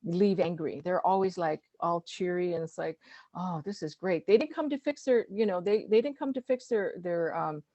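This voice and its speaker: A woman's voice: fairly low pitch, moderate pace, mellow, dry recording, highs cut off. A middle-aged woman, a guest speaker and master gardener, talking casually with many fillers and restarts. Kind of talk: casual conversational talk.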